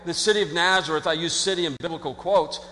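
A man preaching a sermon as pastor, in an animated conversational way, acting out quotes and often restarting his sentences. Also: a little high, quick pace. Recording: long hall reverb.

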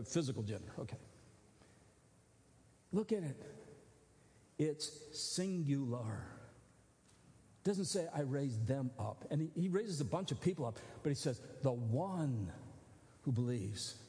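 A man's voice: on the high side, mellow. A man preaching a sermon as pastor, teaching in a conversational way and checking that his listeners follow. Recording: long church hall reverb.

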